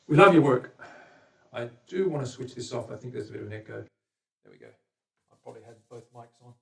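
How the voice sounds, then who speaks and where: A man hosting a casual workshop stream, chatting to viewers and a helper as he works. His volume swings between loud, excited bursts and quiet mumbles to himself. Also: medium pitch, normal speed, vocal fry, long pauses. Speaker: guitar builder hosting a livestream. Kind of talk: casual workshop chat while working.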